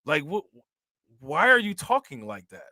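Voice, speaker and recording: A man hosting a casual live-stream reaction show, reading out chat shout-outs with frequent laughter and slangy asides. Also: fairly high pitch, big pitch swings, unhurried, dry recording, clean studio sound. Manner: laid-back, laughs often, reads chat shout-outs. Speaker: livestream reaction host.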